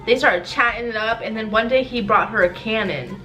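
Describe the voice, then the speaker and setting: A young woman tells a story among friends, laughing and cursing freely. Her voice is bright and forceful and sits a little high. Soft music plays underneath. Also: a little fast, low-quality recording. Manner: laughing, swearing, animated. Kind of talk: casual story time chat.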